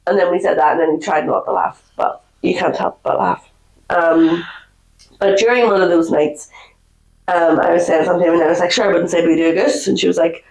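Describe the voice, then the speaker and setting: Chatty woman, gravelly voice. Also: on the low side, fairly quick. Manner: chatty storyteller, animated quoting. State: recovering from a cold. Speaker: podcast co-host. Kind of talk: casual chat. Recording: echoey room.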